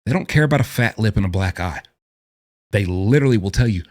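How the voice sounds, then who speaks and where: Ranting man with a low, swinging voice. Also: quick pace, no room sound. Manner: animated, ranting, emphatic with rhetorical questions. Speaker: vlogger and former prisoner explaining prison life. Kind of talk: ranting commentary vlog.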